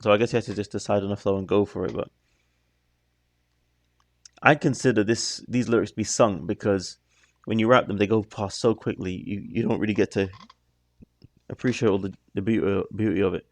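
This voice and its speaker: A man with a low, gravelly voice talks through a music video in a casual reaction style. He muses out loud, starts and restarts his thoughts, and slips in apologetic asides. The sound is dry and close, with no room echo. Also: fairly even intonation, brisk, long pauses.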